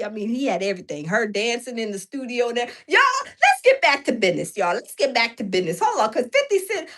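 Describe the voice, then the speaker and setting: A woman's voice: high voice, a bit bright. A woman hosting a live stream, chatting animatedly with her viewers and often breaking into laughter. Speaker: livestream host. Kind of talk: casual live-stream commentary.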